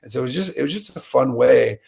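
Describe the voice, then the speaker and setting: Gravelly-voiced man telling stories. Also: medium pitch, fast. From United States. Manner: energetic, animated storyteller acting out quotes. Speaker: guest. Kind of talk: interview storytelling.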